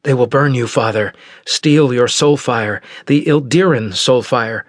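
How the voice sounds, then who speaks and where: A man's voice: mid-range voice, measured pace, no room sound, studio quality, voice pushed up, close to an everyday voice. Man voicing a tense young heir. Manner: tense, pleading.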